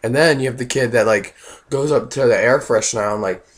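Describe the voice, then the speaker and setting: A hoarse man who is losing his voice, telling a funny work story in a rambling, casual way. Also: medium pitch, brisk. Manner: rambling, full of "like" and "you know", voices in the quotes. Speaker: vlogger.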